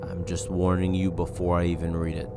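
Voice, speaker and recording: A man's voice: sits low, monotone, fairly quick, background noise. A man hosting a casual commentary video, reacting to posts in a wry, exasperated way. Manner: wry and exasperated, with mock warnings.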